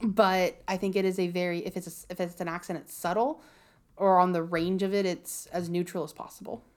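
Animated Ohio woman podcast co-host. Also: lowish voice, brisk. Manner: animated storyteller, acts out quotes with laughter. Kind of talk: casual chat.

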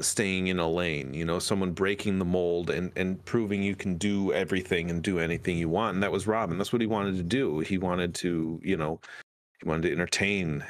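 A man co-hosting a podcast, chatting casually with rambling sentences and many fillers. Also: low voice. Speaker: podcast co-host. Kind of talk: casual chat.

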